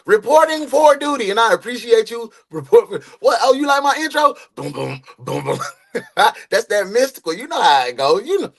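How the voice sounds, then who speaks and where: A young man hosting a live true crime stream, greeting chat viewers by name in a lively, animated way. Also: very high-pitched.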